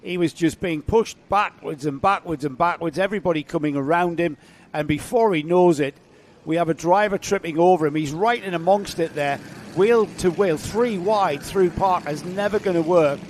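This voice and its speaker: A man's voice: on the high side, normal speed, a little hiss or hum. A man giving live, chatty race commentary that lifts on the action. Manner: chatty, jokey, rising excitement on action.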